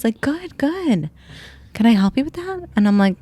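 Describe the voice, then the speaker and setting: A woman co-hosting a podcast in casual chat, animated and quick to agree, laughing often. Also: mid-range voice. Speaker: podcast co-host.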